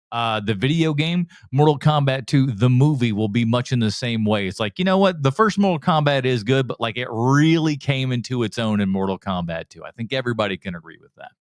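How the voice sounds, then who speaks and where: A man's voice: medium pitch, no echo, studio quality. A man hosting a movie podcast, ranting sarcastically and with exasperation about a trailer ad. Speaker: podcast host. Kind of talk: casual ranting commentary.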